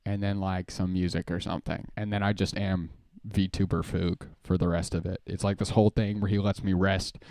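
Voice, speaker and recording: A man's voice: sits low, level tone, normal speed, few pauses, a little mellow, dry recording, studio quality. A young man hosting a live stream, chatting casually in a rambling, joking way and often laughing. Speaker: streamer host.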